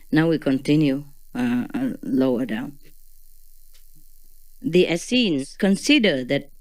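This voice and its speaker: A woman's voice: low-pitched, creaky, dry recording. A woman teaching a gathering in a loose, chatty way, laughing often and tagging her sentences with questions, in non-native English phrasing. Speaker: spiritual teacher. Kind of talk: informal spiritual talk to a gathering.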